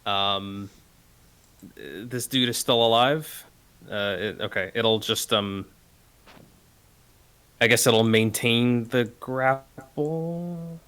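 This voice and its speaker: A man's voice: mid-range voice, extremely slow, long pauses, fairly bright tone, smooth. A man playing a tabletop game, hesitantly thinking aloud as he works through his turn. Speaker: player. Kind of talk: casual tabletop game play.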